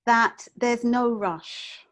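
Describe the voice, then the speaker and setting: Brief: woman guest, high-pitched, unhurried, hesitant and reflective. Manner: thoughtful and hesitant, pausing to think. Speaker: interview guest. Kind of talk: casual interview chat.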